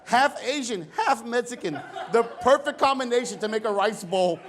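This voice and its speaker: High-voiced stand-up comic. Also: male voice, expressive, moderate pace, fairly bright tone. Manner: conversational, self-deprecating, acts out dialogue in raised voices. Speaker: stand-up comedian. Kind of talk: stand-up comedy set. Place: comedy lounge with a live audience.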